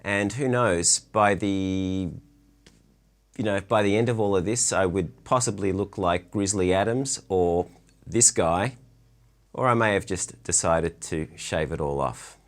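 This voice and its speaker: A man giving a relaxed, chatty drum lesson from his drum room, counting beats aloud as he explains stickings. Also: low-pitched, measured pace. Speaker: drum teacher.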